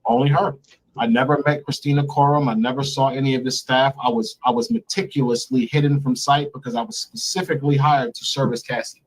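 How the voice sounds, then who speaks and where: A man's voice: medium pitch, brisk, rough recording. A man being interviewed remotely, telling a long personal story in a blunt, emphatic way and repeating words for stress. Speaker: interview guest.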